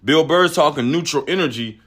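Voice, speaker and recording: A man hosts a podcast, ranting profanely through opinionated political commentary and often stumbling over and repeating words. His voice is fairly high, a bit bright, and husky, and he speaks a little fast.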